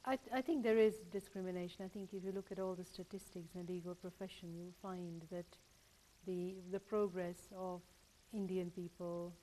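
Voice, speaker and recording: A woman solicitor speaks as a studio guest, measured and thoughtful. Her voice is low and mellow, with faint hiss behind it. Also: fairly even intonation. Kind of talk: studio discussion.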